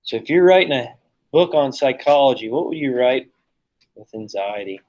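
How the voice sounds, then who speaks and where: A man's voice: mid-range voice, expressive, normal speed, darkish tone, low-quality recording. A man teaching a classroom lesson in a casual, joking, chatty way, telling stories and teasing his students.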